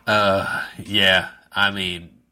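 A man co-hosting a casual wrestling podcast chat, joking and swearing casually in a relaxed way. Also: low voice, drawn-out words, a crowd in the background.

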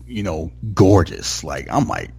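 This is a man with a deep voice that has a husky edge. He rambles enthusiastically through a film discussion, piling on fillers and slipping into the characters' lines. The talk stays loose and conversational. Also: huge pitch swings, a little slow, darkish tone, faint music behind. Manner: rambling, heavy use of "like" and "you know"; enthusiastic, acts out movie lines. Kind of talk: casual movie discussion.

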